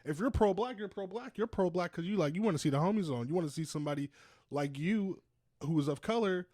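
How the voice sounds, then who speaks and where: A young man co-hosting a podcast in casual, slangy chat, swinging between loud bursts and low, quiet stretches. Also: animated, quick pace, no echo, studio quality. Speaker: podcast co-host.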